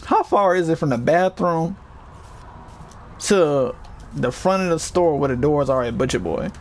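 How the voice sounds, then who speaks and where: Gravelly guy streaming, tells a crazy work story, animated and swearing, little hiss behind him. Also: unhurried. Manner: animated, swearing, acts out voices with high yells. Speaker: streamer telling a story to chat. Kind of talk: casual storytelling.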